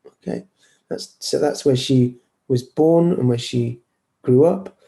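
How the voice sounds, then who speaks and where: Guy lecturing on a video call, mellow warm voice, a bit halting, lots of ums. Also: mid-range voice, vocal fry. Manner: hesitant, apologetic, many fillers and restarts. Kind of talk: online lecture with screen sharing.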